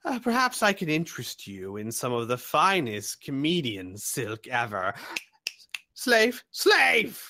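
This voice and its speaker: A man's voice: medium pitch, big pitch swings, moderate pace, hardly any pauses, bright, forceful tone. A man voicing a pompous, tentacled alien merchant who fawns over customers and screeches at his slaves in a tabletop game. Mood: fawning. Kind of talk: tabletop role-play voice.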